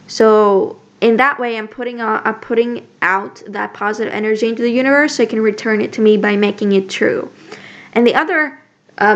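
A woman's voice: on the high side, fairly bright tone, lo-fi sound. A young woman vlogger talking casually to camera, chatty and full of fillers and restarts. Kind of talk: casual advice talk to camera.

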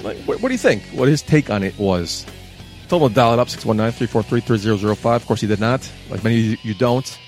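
A man in his thirties hosting a casual talk show, chatty and sarcastic with lively asides. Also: mid-range voice. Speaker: podcast host.

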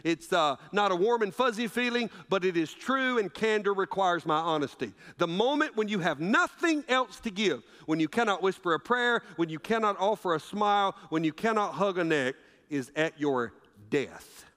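Lively high-voiced man preaching in echoing church. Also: normal speed, few pauses. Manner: preaching with rhetorical questions, swings between loud and hushed. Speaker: pastor. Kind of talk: sermon. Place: church sanctuary. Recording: long reverb of a church sanctuary.

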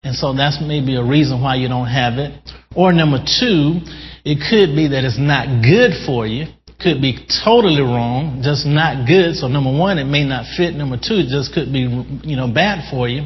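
A man preaching a sermon as pastor, slow and emphatic, stretching out key words for weight. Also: medium pitch, lively intonation. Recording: dull lo-fi sound in a reverberant hall.

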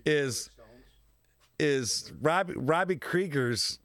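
A man's voice: on the high side, lively intonation, drawn-out words, fairly bright tone, clean tone. A man hosting a talk show, telling a story in a loose, rambling way, repeating himself and laughing often.

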